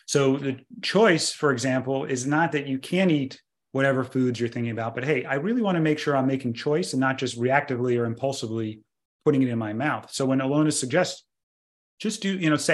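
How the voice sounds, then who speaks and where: A middle-aged man, a doctor, explaining in a calm conversational way on a podcast. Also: medium pitch. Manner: calm explanatory, slows for guided breathing. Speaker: doctor and co-author.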